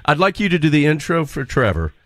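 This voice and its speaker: A man's voice: fairly high pitch, a little fast, dry recording. A man co-hosting a talk radio show, teasing and playful. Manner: teasing, animated. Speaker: radio co-host. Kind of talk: casual talk radio banter.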